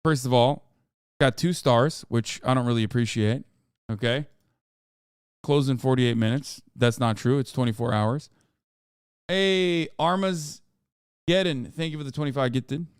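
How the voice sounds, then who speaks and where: A man hosting a livestream in casual chat, reading viewer posts aloud in an offhand, sarcastic way with loud outbursts. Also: medium pitch, measured pace, pauses often, clean tone, no echo, clean studio sound. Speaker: livestream host.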